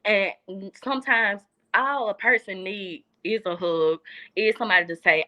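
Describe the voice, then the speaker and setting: Young Southern woman guest, heartfelt and repetitive, bright voice, muffled recording. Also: mid-range voice, expressive, moderate pace. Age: young adult. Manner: earnest, heartfelt, repeats phrases for emphasis. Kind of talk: casual chat.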